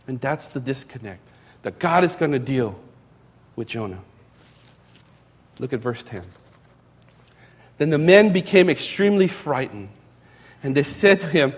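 A young adult man giving a sermon as a pastor, conversational and animated, with casual asides and repeated phrases. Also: fairly high pitch. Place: church sanctuary. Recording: reverberant church hall.

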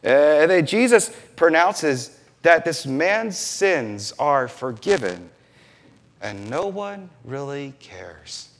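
A pastor with a fairly high voice preaches slowly, teaching from scripture in an animated way. He acts out biblical scenes and gives voice to the people he quotes.

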